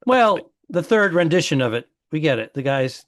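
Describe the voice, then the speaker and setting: A man's voice: on the high side, very animated, moderate pace, no echo, studio quality. A male comedian co-hosting a podcast, wry and teasing, throwing in puns during casual chat.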